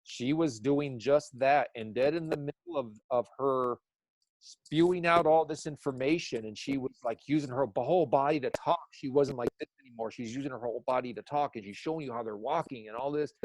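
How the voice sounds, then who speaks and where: A man's voice: medium pitch, brisk, dry recording. A man who works as an eyewitness sketch artist, talking in a casual podcast conversation and rambling with many restarts.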